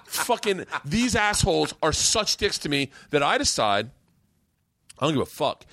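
Profane, animated male storyteller. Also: on the high side, moderate pace, no room sound, studio quality. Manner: profane, animated storyteller who acts out quotes. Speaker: podcast host, stand-up comedian. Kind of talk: casual storytelling chat.

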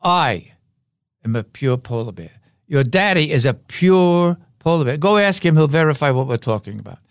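An older man telling a joke as a calm mother polar bear. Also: a little high, moderate pace, no echo, studio quality. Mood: reassuring. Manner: patient joke-telling delivery.

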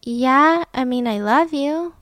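A woman voicing a frightened, confused fourteen-year-old girl, pleading and disbelieving in a high voice. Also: slow pace, a bit bright, no echo, clean studio sound.

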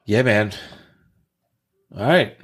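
A man's voice: on the low side, lively intonation, extremely slow, fairly bright tone. A man hosting a podcast in casual chat, laid-back and peppering his talk with "dude" and "man". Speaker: podcast host.

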